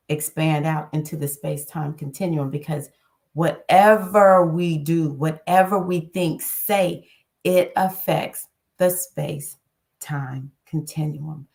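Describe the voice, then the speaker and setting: A woman with a low, deep speaking voice talks casually but earnestly, encouraging her listeners. She hosts an inspirational self-help monologue with a warm, conversational flow. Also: vocal fry. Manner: earnest, encouraging, animated self-talk asides. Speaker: spiritual self-help host.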